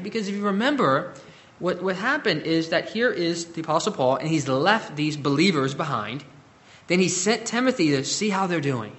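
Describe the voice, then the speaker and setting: A man preaching a sermon, swinging between loud emphasis and soft, drawn-out scripture reading. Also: high voice. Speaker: pastor.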